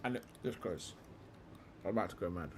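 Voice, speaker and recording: A man's voice: low-pitched, brisk, a little hiss or hum. A young man, hosting a livestream in a profane, slang-heavy rant. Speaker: livestream host.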